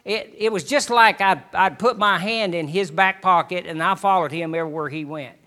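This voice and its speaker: A middle-aged man, a missionary preacher, giving a folksy personal testimony to a congregation with halting restarts. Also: high-pitched, sharp tone.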